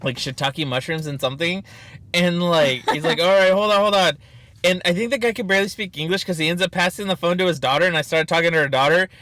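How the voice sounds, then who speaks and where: A man in his thirties trades stories on a casual eating show. His voice is bright and forward, pitched a touch high, and sounds close and dry. He laughs often and swears freely as he talks. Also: quick pace, no room sound. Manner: animated storytelling, frequent laughter and swearing. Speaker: podcast co-host. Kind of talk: casual chat while eating.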